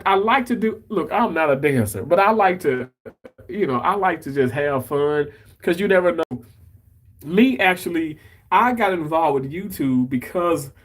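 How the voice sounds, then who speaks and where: A man from Mississippi, hosting a livestream in a chatty, emotional and effusive way. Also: a little high. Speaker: livestream host. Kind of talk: casual chat.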